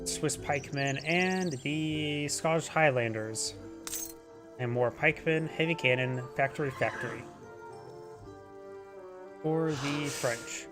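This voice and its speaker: A man's voice: on the high side, slow, pauses often. Casual male game caster over music. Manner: rambling, stumbles over unit names. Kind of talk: casual replay commentary.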